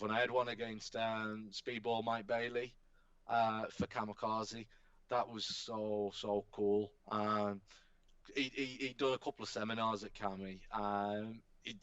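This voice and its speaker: A man, a professional wrestler chatting as a podcast guest, telling animated stories and swearing casually. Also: on the low side, no echo. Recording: dull, dry podcast recording.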